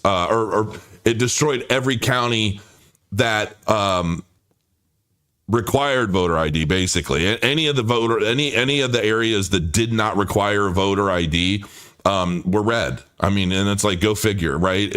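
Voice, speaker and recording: A man in his forties hosting a livestream, talking off the cuff in a rambling, halting way with many restarts. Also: fairly low pitch, a bit bright. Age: 40s. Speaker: crypto livestream host. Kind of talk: casual livestream monologue.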